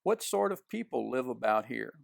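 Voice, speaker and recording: A polite, curious young girl, as a man reads her lines aloud. She asks earnest questions with a slight gravelly texture in a dead-dry recording. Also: mid-range voice, very animated, moderate pace, no echo. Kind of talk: storybook read-aloud.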